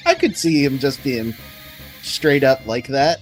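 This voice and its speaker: A man's voice: medium pitch, lively intonation, measured pace, soft background music. A man from Vancouver co-hosting a casual game stream, chiming in with dry, brief quips. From Vancouver, Canada. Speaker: stream co-host.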